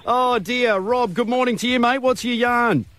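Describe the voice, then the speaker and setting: A man with an Australian accent hosting a breakfast radio show, jovial and laughing loudly at callers' jokes. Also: extremely high pitch, fairly even intonation, normal speed, slight background noise.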